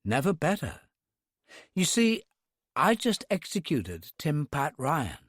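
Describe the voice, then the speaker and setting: Guy putting on a cheeky ulster irishman, lilting and jokey, big swings in pitch. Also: wildly swooping pitch, takes it slowly, no room sound, clean studio sound, heavily acted. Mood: cool. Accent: Northern Irish. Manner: teasing, flowery brogue.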